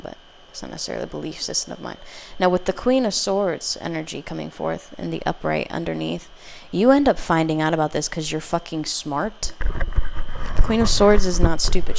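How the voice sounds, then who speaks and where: Brief: a woman doing a casual tarot reading, rambling and profane, with a gravelly low voice. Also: slight background noise. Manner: blunt, profane, rambling, with acted quotes. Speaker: tarot reader.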